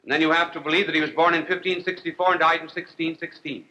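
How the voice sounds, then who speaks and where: A priest delivering a humorous televised lecture, wry and deliberate, with dry jokes and long pauses. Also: male voice, on the high side, steady tone, pushed and bright, low-quality recording. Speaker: priest and TV host.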